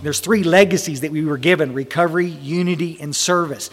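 A man's voice: on the high side, fairly quick. Folksy man in a reverberant hall. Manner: folksy and blunt, many restarts, mild swearing. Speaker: speaker at a recovery retreat. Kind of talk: storytelling talk to a men's group.

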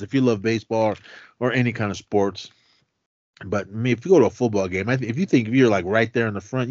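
A man with a mid-range voice co-hosts a podcast, going over a movie scene by scene in a loose, profane, animated way with plenty of laughing. There's no room sound; the lo-fi mic gives a dull, dry tone.

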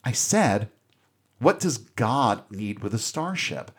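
A man voicing a calm, matter-of-fact male starship captain who asks blunt questions in a higher, softer voice. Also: slow pace, slightly rough, heavily acted.

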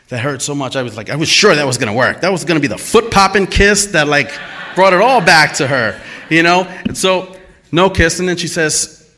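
A man's voice: high-pitched, sharp tone. A man telling a personal story and acting out the quoted lines, laughing at himself as he goes.

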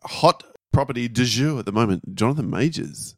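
A man's voice: mid-range voice, expressive, moderate pace, a little mellow, no room sound, clean studio sound. A man co-hosting a casual podcast chat, easygoing and matter-of-fact. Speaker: podcast co-host.

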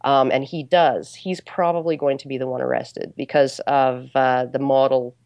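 Female guest, low voice, deliberate explanations with fillers, dry close sound. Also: fairly even intonation, a little mellow, no echo. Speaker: interview guest. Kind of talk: casual interview.

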